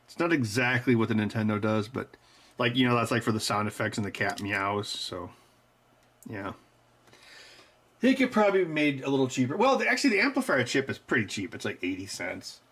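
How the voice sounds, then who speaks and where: Hosting a live stream, a man answers his chat in a loose, rambling style full of fillers. His medium-pitched voice is sing-song, brisk, fairly bright, and husky.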